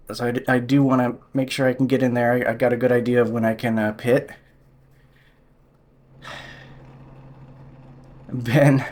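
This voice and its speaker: Man thinking aloud during a sim race. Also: medium pitch. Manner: thinking aloud, relaxed, laughs softly at himself. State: a little out of breath. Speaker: sim racing streamer. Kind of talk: casual live commentary while driving. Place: room at home.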